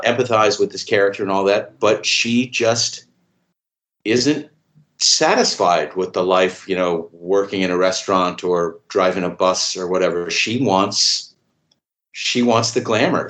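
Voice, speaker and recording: A man's voice: low-pitched, fairly bright tone. A man talking as a podcast guest in a rambling, casual way, full of "you know" and freely swearing. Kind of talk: casual conversation. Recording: echoey room sound.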